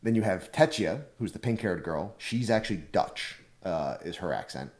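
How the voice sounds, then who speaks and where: A man co-hosting a podcast, explaining his views in a measured, analytical way. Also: deep voice, expressive. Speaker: podcast co-host. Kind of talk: casual chat.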